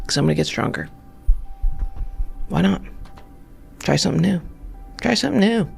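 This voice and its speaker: A man's voice: sits high, creaky. A man delivering a candid, profane comedic monologue about his own struggles. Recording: music playing behind.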